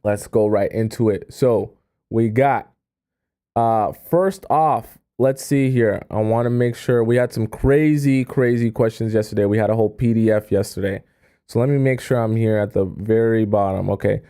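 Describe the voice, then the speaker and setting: A man coaching on dating in a casual live stream, talking quickly with sarcastic asides while he reads viewer questions aloud and reacts to them. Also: on the low side, dark tone.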